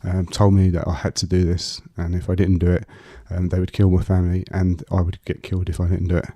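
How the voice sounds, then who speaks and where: A deep-voiced man speaks in a low, even tone that barely rises or falls. His story comes out halting, full of fillers and restarts. The sound is close and dry. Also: dry recording. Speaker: guest. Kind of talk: personal storytelling in an interview.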